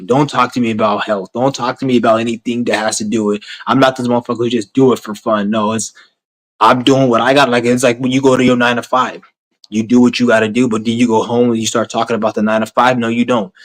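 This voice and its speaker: A man's voice: medium pitch, steady tone, fast, rough recording. Man ranting into a tablet camera. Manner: blunt, heated, rambling, swears constantly, repeats himself. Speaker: vlogger. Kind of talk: profane rant to camera.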